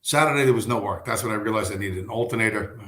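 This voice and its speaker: Low-voiced man rambling in an echoey room. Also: fast talker, creaky, a bit bright. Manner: rambling, profane, storytelling. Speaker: livestream host. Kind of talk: casual livestream monologue. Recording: roomy echo.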